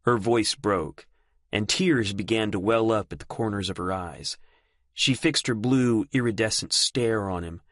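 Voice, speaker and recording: A man's voice: lowish voice, no echo. Male audiobook narrator, dry close sound. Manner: measured storytelling. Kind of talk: scripted narration.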